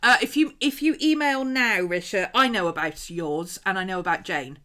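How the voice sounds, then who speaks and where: A woman's voice: mid-range voice, animated, normal speed, sharp tone. A woman hosting a casual craft livestream at home, rambling chattily with frequent laughs and asides while she paints. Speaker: host.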